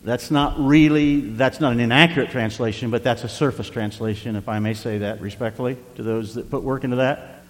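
A man's voice: mid-range voice, fairly even intonation, brisk, in a large hall. A middle-aged male pastor preaching a sermon, emphatic and repetitive, reading scripture aloud.

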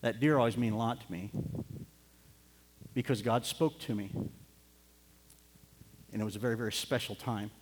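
A man's voice: medium pitch, moderate pace, pauses often, slight background noise. A middle-aged man preaching a sermon, telling a personal story in an earnest way and building to fervent urging. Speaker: pastor. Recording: long hall reverb.

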